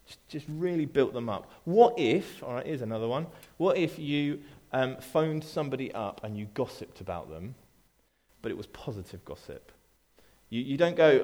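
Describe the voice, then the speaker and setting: A man's voice: mid-range voice, animated, normal speed, darkish tone. A man delivering a sermon to his congregation in an easygoing, conversational way. He restarts phrases, repeats words, and drops playful asides to people in the room. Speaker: pastor. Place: church.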